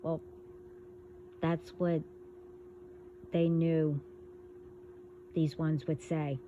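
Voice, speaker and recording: A woman hosting a casual spiritual monologue, talking in a rambling, halting way as she delivers warnings. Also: deep voice, little pitch movement, narrow, tinny audio, a little hiss or hum. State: hiccups. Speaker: spiritual video host.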